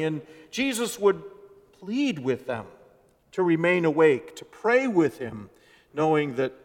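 Expressive male pastor in a reverberant church. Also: a little high. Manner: expressive, swinging from loud emphasis to soft hushed phrases. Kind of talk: sermon. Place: church sanctuary.

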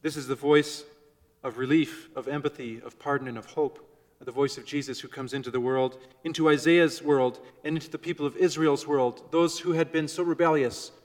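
A man preaching a sermon to his congregation, measured and shifting between soft, gentle phrases and loud emphasis. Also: on the high side, steady tone, in a large hall. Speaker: pastor. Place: church before a congregation.

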